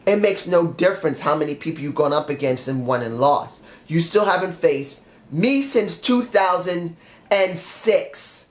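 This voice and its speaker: A man voicing a menacing veteran male wrestler who taunts with slow, goading questions. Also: on the high side, animated. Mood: contemptuous. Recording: roomy echo.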